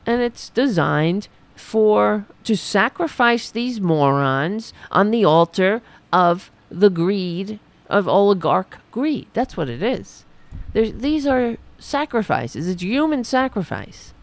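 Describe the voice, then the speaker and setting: Slow, sarcastic raspy woman ranting. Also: mid-range voice, lively intonation. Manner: sarcastic, profane, reads news then riffs. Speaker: political commentary host. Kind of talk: ranting political commentary.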